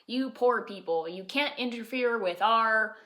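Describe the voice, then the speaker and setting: A woman's voice: a little high, unhurried, pushed and bright. A woman mocking a snobbish rich aunt. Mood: haughty. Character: rich snobbish older aunt, haughty and dismissive.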